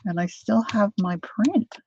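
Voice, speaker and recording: A woman's voice: medium pitch, expressive, measured pace, mellow, lo-fi sound, slight background noise. A woman chatting casually as she demonstrates a craft technique, thinking aloud while she works. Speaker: craft vlogger.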